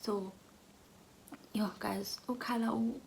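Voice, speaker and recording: A young woman telling an earnest personal story, often dropping to a soft whisper. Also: medium pitch, steady tone, slow, vocal fry, slight background noise, rough recording. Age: young adult. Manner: earnest, drops to soft whispers when emotional.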